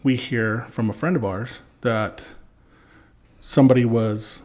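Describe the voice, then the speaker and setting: A man, a podcast guest, telling a story in a casual, lively way, acting out what people said with swearing and laughs. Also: mid-range voice, unhurried. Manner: animated, acts out quoted lines with swearing and laughs.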